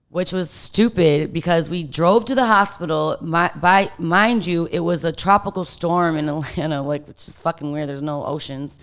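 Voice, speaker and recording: A woman's voice: deep voice, normal speed, hardly any pauses. A woman guest telling a story in casual chat, rambling with lots of fillers and swearing.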